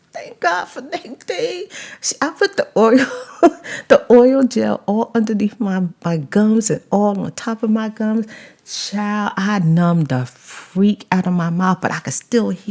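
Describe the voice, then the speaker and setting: A woman vlogger and mother, telling a story in a casual, animated way and stretching words for emphasis. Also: medium pitch. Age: adult, mother of a child. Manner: animated retelling, drawn-out emphasis.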